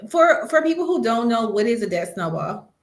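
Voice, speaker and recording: A woman's voice: a little high, very animated, moderate pace. A woman host of a live money show, asking follow-up questions in casual chat and encouraging her guest with short affirmations. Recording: echoey room.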